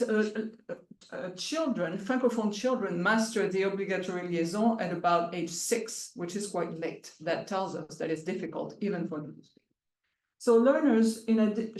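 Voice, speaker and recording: Woman, conference presenter, explanatory academic delivery with many fillers, echoey room. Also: mid-range voice. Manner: explanatory, halting with frequent fillers. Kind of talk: academic talk.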